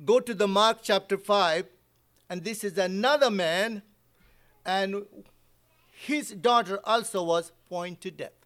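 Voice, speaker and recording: Male preacher, very high voice, animated and emphatic sermon delivery. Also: takes it slowly. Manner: animated, acts out quotes, emphatic.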